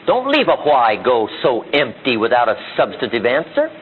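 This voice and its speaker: On an old archival recording with narrow, tinny sound and slight background noise, a man delivers a live motivational seminar to an audience in a room. His mid-range voice swings hugely in pitch at a normal speed as he hammers his points with emphatic rhetorical questions and repetition.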